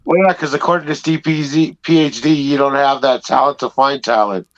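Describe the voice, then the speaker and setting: A man's voice: mid-range voice, steady tone, a little fast, highs cut off. A man co-hosting a comedy podcast, talking in a teasing, profane way. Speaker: podcast co-host. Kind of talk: casual comedy podcast chat.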